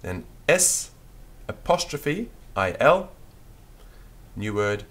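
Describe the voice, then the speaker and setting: Using a mid-range, sing-song, fairly bright voice, a man leads a French lesson for beginners, patiently dictating at a slow pace and spelling each word letter by letter.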